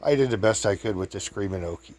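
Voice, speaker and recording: A man's voice: fairly low pitch, fast, a little mellow, slight background noise. A man telling meandering anecdotes in a chatty, casual way. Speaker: vlogger. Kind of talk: rambling storytelling.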